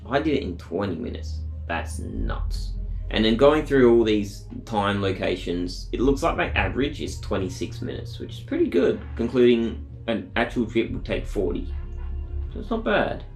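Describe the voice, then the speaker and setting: A man's voice: medium pitch, roomy sound. A man telling a daily diary vlog in a rambling, blunt, profane casual way. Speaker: vlogger.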